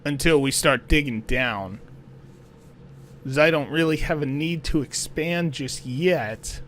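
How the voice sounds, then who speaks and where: A man narrating his own building game in a slow, unhurried way, pondering each step out loud. His voice sits a little on the high side for a man, and he muses and mutters to himself while he plays. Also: a little hiss or hum. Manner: thinks aloud, musing and self-talking. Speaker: gaming YouTuber. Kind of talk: let's play commentary.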